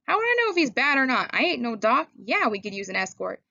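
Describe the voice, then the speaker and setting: A woman's voice: high-pitched, fast talker, vocal fry, a bit bright, no room sound, highs cut off, pitched above the performer's own voice. A woman voicing a hotheaded tough greaser boy. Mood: urgent. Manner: urgent, clipped and commanding. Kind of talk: audiobook character voice.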